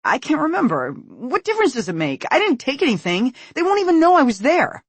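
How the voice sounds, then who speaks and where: A man's voice: extremely high pitch, huge pitch swings, brisk, no echo, pitched above the performer's own voice, exaggerated voice. A man voicing a panicked teenage boy who pleads desperately with his mother. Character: panicked teenage boy caught sneaking into houses.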